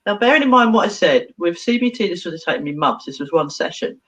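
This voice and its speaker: A woman's voice: fairly low pitch, fast, lo-fi sound. A woman, a therapist, telling a story animatedly in an interview, acting out voices and laughing often. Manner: expressive, acts out dialogue, laughs often.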